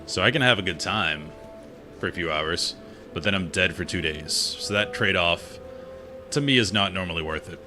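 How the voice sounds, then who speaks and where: A man's voice: low-pitched, lively intonation, moderate pace. A gaming streamer, a man, chatting casually and opinionatedly while he plays. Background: game music.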